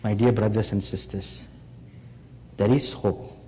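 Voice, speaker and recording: A man preaching a sermon, speaking slowly and emphatically and rising on rhetorical questions to his listeners. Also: fairly low pitch, steady tone, mellow, a little hiss or hum. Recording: long hall reverb.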